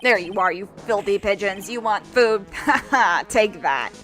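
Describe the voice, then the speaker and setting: A woman's voice: medium pitch, animated, measured pace, a bit bright, faint music behind. A woman voicing a grumpy, insulting old man, reading game dialogue with scorn. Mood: gloating.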